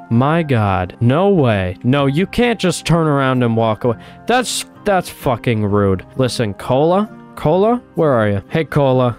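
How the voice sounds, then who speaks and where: A young man giving excitable, swearing commentary while playing a game and talking to his animals. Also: medium pitch. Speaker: gaming YouTuber. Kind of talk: casual gameplay commentary.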